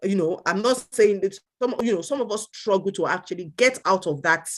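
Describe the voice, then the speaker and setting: A woman's voice: medium pitch, expressive, fairly quick. A woman co-hosting an online discussion who speaks earnestly and urges the listeners to act. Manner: earnest, urging, with many listening hums. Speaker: co-host.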